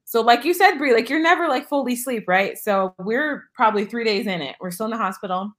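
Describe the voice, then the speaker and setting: A woman's voice: a little high, brisk, a bit bright. Laughing woman telling a story. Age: young adult. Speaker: podcast co-host. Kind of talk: casual storytelling.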